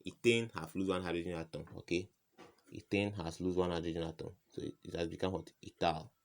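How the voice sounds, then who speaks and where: A man's voice: low voice, steady tone, brisk. A man tutoring chemistry in an informal lesson, firing rhetorical "what?" questions at the viewer and repeating each answer. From West Africa.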